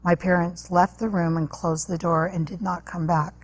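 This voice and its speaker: A woman guest on an interview show, telling a personal story earnestly, with halting restarts. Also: fairly low pitch, level tone, husky. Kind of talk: personal testimony in a talk interview.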